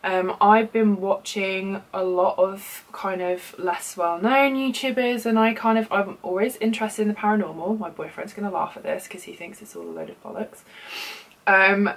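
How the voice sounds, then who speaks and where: A woman's voice: mid-range voice, steady tone, normal speed, rough recording. A young woman in her twenties, chatting casually on her vlog and then reading a creepy story aloud, rambling with lots of likes and ums. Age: 20s. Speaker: beauty YouTuber.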